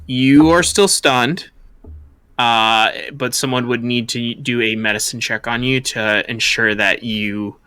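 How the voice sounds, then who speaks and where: A man's voice: mid-range voice, slow pace, bright, forceful tone, clean tone, no echo. A man acting as game master who narrates a tabletop game in a loose way, full of fillers. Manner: descriptive, filler-heavy narration with many "like"s.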